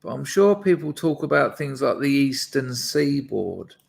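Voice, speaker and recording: Guy chatting on his live stream, slow and rambly, bit of gravel in the voice. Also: medium pitch, big pitch swings. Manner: rambling, self-deprecating, chats to viewers. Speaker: livestream host. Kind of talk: casual live-stream chat.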